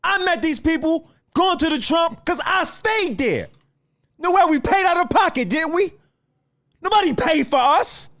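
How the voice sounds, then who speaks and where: High-pitched ranting podcast man. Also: expressive, a little slow, a bit bright. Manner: heated, profane, lecturing the audience. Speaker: podcast host. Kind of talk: solo podcast rant.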